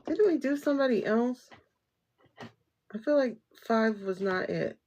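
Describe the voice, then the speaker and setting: A woman's voice: on the high side, animated, unhurried, a little mellow, a little hiss or hum. A woman hosting a casual tarot livestream from home, rambling and chatty, laughing often as she talks to viewers through her phone.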